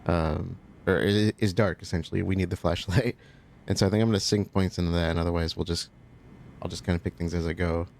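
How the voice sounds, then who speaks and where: Casting: male let's-play host, low gravelly voice, easygoing, thinks aloud while playing. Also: quick pace, slight background noise. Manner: relaxed, thinking aloud, chatty asides. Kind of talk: casual gameplay commentary.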